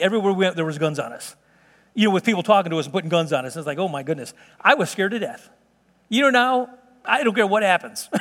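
A man giving an animated sermon testimony, telling a story with laughs and exclamations. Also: high voice. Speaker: preacher. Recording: hall reverb.

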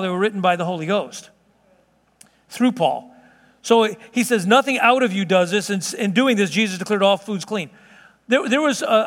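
A man's voice: high voice, a bit bright. A middle-aged man preaching a sermon to his congregation as pastor, talking in a loose, conversational way with frequent restarts. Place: church sanctuary. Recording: long reverb of a church hall.

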